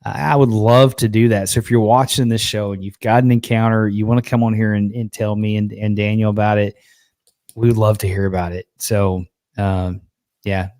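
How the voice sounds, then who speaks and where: A lowish-voiced man with a thick Southern Arkansas drawl, chatting easygoing and folksy on a live podcast. The sound is dry and close, with no room behind him. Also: little pitch movement, moderate pace, a little mellow, no echo. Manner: easygoing, folksy, laughs often. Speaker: podcast host. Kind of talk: casual live podcast chat.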